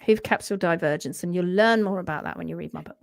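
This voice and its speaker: A woman's voice: fairly low pitch, quick pace, vocal fry, background noise. A woman co-hosting a podcast in casual live chat, passionate, often reading out viewer comments. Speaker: podcast co-host.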